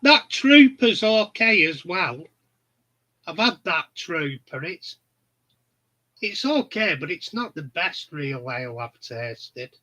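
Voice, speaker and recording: Middle-aged man, blunt rambling casual chat, slow unhurried delivery, sharp bright tone. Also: on the high side, big pitch swings, poor audio. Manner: rambling, blunt, laughs at his own stories. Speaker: channel host.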